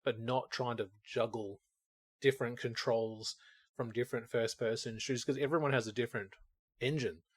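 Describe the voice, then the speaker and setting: A man's voice: mid-range voice, fairly even intonation, normal speed. A man co-hosting a podcast, rambling casually and acting out his own thoughts as he talks. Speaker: podcast co-host. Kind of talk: casual chat.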